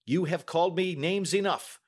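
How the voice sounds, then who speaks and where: A man's voice: high voice, moderate pace, breathy edge, voice pushed up. A man voicing a proud, defiant young man who is accused of theft. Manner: indignant, defiant.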